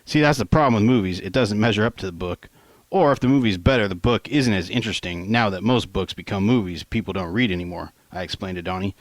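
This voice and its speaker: A man's voice: lowish voice, fast talker, dry recording. A man reading his own first-person novel in a casual, conversational way, with offhand asides to the listener and some swearing. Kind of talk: first-person audiobook narration.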